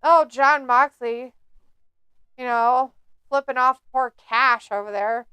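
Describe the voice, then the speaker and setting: A woman's voice: sits high, slow, pushed and bright, clean tone, no room sound. A woman casually commenting on a wrestling match during a live stream, joking and mocking the wrestlers. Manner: snarky, jokey, mocking the wrestlers. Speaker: watch-along host.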